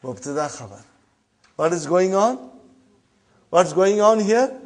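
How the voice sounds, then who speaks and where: A man teaching a classroom Arabic grammar lesson, reading Arabic phrases slowly and explaining them in English while checking on his students. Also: sits high, expressive. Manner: addresses students as brothers and sisters.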